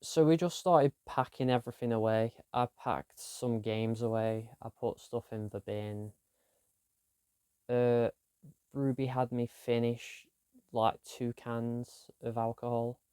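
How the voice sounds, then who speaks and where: A man's voice: medium pitch, flat delivery, slow pace, dark tone, smooth, no echo, studio quality. A young man, chatting casually about his week in a rambling, self-deprecating diary vlog. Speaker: vlogger.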